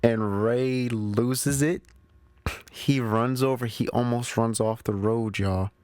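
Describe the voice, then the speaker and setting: A man's voice: medium pitch, fairly even intonation, slow pace, a little mellow, smooth, no room sound. A man hosting his own movie show, recapping the plot in a casual, slangy way and talking straight to his listeners. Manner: chatty, slangy, talks straight to the audience. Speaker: movie review show host.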